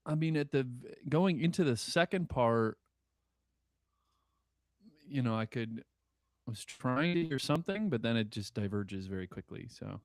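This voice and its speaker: A man chatting casually over an online voice call as a musician giving feedback, talking in a halting way with many fillers. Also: medium pitch, lively intonation, no room sound, clean studio sound. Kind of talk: casual chat.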